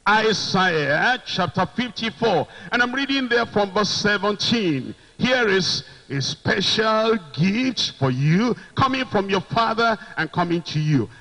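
A man preaching a sermon, slow and emphatic, repeating phrases and shouting out quoted lines. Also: high-pitched, lively intonation, rough recording.

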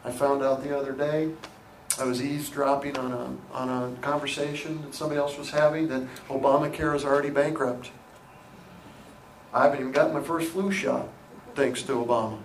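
A middle-aged American man preaching a sermon as pastor, emphatic and repetitive, dropping to a hush and rising again. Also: mid-range voice, steady tone, brisk, a little hiss or hum. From United States. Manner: emphatic, repeating phrases, swings between loud and hushed. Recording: roomy sound from a distant mic with faint ambience.

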